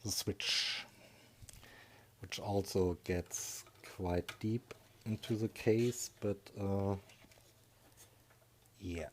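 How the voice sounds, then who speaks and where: A man with a deep, low voice talks slowly as he works through a repair at his bench, thinking aloud. He hesitates often and trails off into fillers, and a faint hiss sits under his voice. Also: steady tone. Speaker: electronics hobbyist. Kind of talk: workshop voice-over talk.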